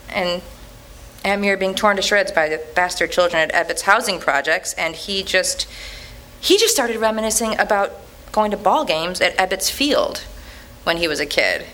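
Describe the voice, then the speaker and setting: A woman giving a dramatic reading of a personal letter in an animated, conversational storytelling manner. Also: medium pitch, moderate pace, slight background noise.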